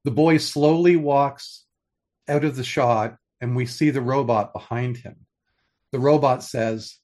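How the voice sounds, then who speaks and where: An older man chatting casually as a podcast co-host, his voice sitting in an ordinary middle pitch. He pitches ideas eagerly, often restarting his sentences as he goes. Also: unhurried, a little mellow. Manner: enthusiastic, pitching story ideas with many restarts. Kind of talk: casual chat.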